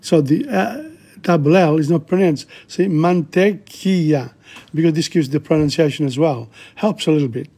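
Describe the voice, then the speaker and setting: Guy going thru vocab list real slow, mellow kinda husky voice, keeps repeating words. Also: on the high side. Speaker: language teacher. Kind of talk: casual vocabulary lesson.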